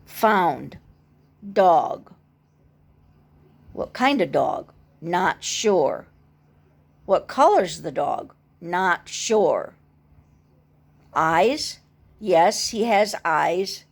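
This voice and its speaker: Storybook child: an earnest, eager little boy, read by a woman, slow and pleading. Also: fairly low pitch, lively intonation, full character voice. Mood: playful. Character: earnest young boy caring for a stray dog.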